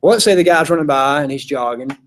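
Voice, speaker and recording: A man's voice: on the high side, lively intonation, quick pace. A man giving a casual classroom lecture, chatty, acting out his examples in little voices. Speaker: philosophy teacher.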